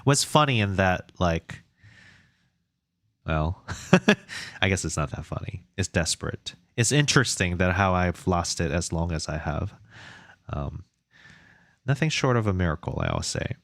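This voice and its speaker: A man's voice: low voice, lively intonation, moderate pace, vocal fry, pauses often, a bit bright, dry recording, studio quality. A young man streaming game development from home at a desk mic, chatting casually, reading chat aloud and joking about himself. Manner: rambling, reads chat aloud, self-deprecating jokes. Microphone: desk microphone.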